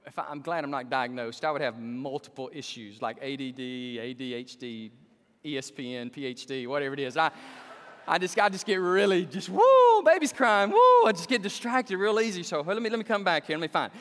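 A man preaching a sermon, animated and exclaiming, joking with the congregation. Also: on the high side, brisk. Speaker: pastor. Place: church sanctuary. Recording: long hall reverb.

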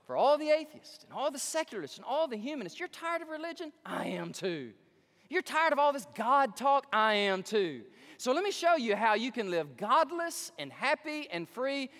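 A male preacher voicing a brash male radio ad announcer with a breezy, salesy pitch. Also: big pitch swings, moderate pace, a bit bright, long reverb tail, heavily acted.

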